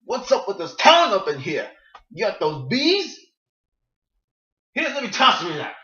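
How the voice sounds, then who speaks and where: A man's voice: high-pitched, huge pitch swings, measured pace, bright, forceful tone, reverberant, far from the mic, voice pushed up, full character voice. A man putting on a slangy, swaggering gangster voice for a male video game criminal, in a dull, lo-fi recording.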